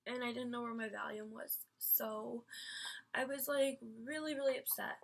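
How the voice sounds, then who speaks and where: A woman speaking straight to her audience in a rambling, emphatic vlog story, circling back with fillers and dropping swear words freely. Her voice sits a little high, with a gravelly, husky edge. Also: fairly even intonation, moderate pace. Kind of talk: personal storytelling rant.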